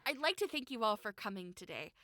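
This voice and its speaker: A woman voices a gentle, sorrowful young hostess in a video game, delivering an earnest, formal speech to her guests. Her voice is high and bright, recorded close and dry. Soft game music plays underneath. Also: very animated, quick pace, no room sound.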